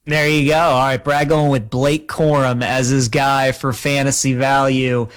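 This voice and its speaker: A man's voice: medium pitch, level tone, unhurried, no echo. A man hosting a sports talk show, leading into topics with upbeat, repetitive lead-ins and questions to his co-host.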